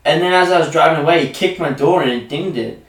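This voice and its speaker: A young Australian man talking in loose, crude podcast banter, full of swearing and animated rants. His voice sits a bit high, and he sounds off-mic in an echoey room. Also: quick pace, recorded from a distance. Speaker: podcast co-host. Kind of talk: casual podcast chat.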